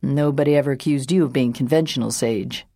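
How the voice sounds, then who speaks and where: A woman's voice: a bass voice, a little fast, warm tone, dry recording, clean studio sound. A woman voicing a proper, nervous young man who speaks in a hesitant, cautious way.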